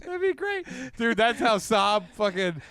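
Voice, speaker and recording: A man's voice: high voice, very animated, unhurried, pushed and bright, a little hiss or hum. A man co-hosting a casual comedy podcast, riffing and laughing often. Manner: joking, riffs with frequent laughter. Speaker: podcast co-host.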